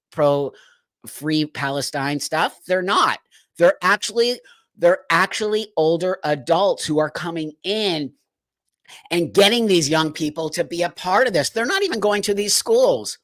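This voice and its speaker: A man's voice: high-pitched, measured pace, fairly bright tone, dry recording. A man hosting a livestream, giving opinionated commentary in a blunt, emphatic way, firing off rhetorical questions and reading viewer comments aloud. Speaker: livestream host.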